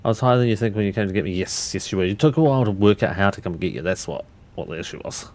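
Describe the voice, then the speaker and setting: A man's voice: on the low side, racing, a little mellow. A man livestreaming, talking through cockpit steps and chatting loosely with his viewers, often restarting his sentences. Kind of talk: casual livestream commentary.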